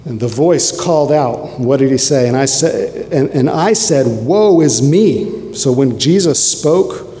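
A man's voice: medium pitch, a little slow, few pauses, mellow. A man preaching a sermon, fervent and emphatic, driving points home with dramatic repetition. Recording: long hall reverb, faint noise.

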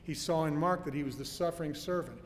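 A man preaching an expository sermon, teaching earnestly with emphatic stresses and homely anecdotes. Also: fast. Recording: long hall reverb with faint low rumble.

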